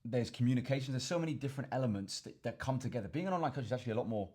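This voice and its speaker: A young man from England, a fitness coach and vlogger, hosts a casual Q and A to camera, rambling, repeating lots of words and calling viewers chaps. His medium-pitched voice is animated, rapid-fire and warm.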